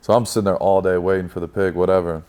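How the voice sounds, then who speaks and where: A man's voice: low-pitched, fast talker, clear, resonant tone. A young man telling a story as a guest in a casual chat, swearing freely and acting out his own past lines. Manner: profane, animated storyteller.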